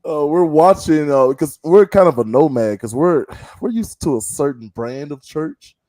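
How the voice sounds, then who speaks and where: A man's voice: a little high, lively intonation, normal speed, dark tone, no echo. A man from the Southern United States hosting a podcast in casual, rambling chat with many asides. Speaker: podcast host.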